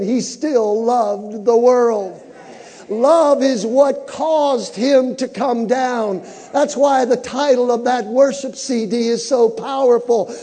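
A man preaching a Christmas sermon, building to shouts and leading the congregation to repeat lines. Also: very high-pitched, slightly rough. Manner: preaching with rising shouts and call-and-response. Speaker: pastor. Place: church sanctuary. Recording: long reverb of a large hall.

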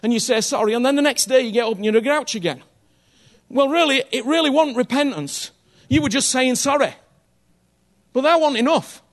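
A man's voice: extremely high pitch, a little fast. A man preaching a sermon in a conversational, earnest way, often checking in with his listeners and repeating phrases for emphasis.

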